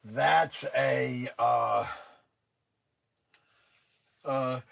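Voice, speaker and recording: A man hosting a toy shop live stream, an excitable pitchman who rambles and breaks into shouts, his voice strained from days of nonstop talking. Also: very slow, gravelly, slight background noise. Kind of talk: casual live-stream sales talk. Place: inside a toy shop among shelves.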